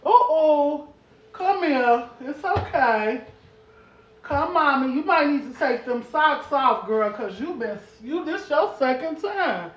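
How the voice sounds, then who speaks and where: A woman vlogging at home as a mom, chatting casually to the camera in a playful, animated way and calling her viewers baby and girl. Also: sits high, slow pace, muffled recording, slight background noise. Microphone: camera set up on a stand. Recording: roomy echo.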